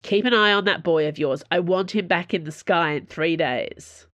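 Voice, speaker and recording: A blunt, foul-mouthed female fleet commander barks out her words, as a woman narrator puts her on in an audiobook. The voice sits low and the recording is close and dry. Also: normal speed, a bit bright, no echo, close to an everyday voice. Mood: gruff. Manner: barking, blunt.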